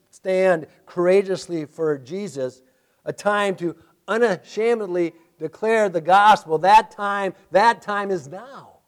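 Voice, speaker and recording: Animated high-voiced Midwestern pastor preaching. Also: male voice. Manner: animated, sarcastic asides, laughs at own jokes. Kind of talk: sermon.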